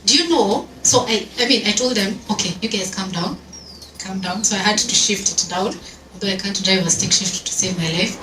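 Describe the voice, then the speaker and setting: A woman telling stories on an event panel in a lively, animated way, mixing English with Swahili phrases and drawing the audience in. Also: mid-range voice, fairly quick. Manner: animated, storytelling, code-switches into Swahili. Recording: echoey room from far off, noisy.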